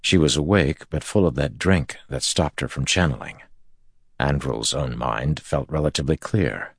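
A man giving measured, scripted audiobook narration of a fantasy story. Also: rumbling low, vocal fry, husky, no room sound, clean studio sound.

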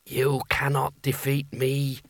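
An ancient, menacing sorcerer speaks at a crawl, each word heavy with command, as a male narrator puts him on. His tone is strange and hollow next to the storyteller's own, pitched a little higher. The recording is dry and close. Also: monotone, dry recording. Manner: slow, measured, commanding.

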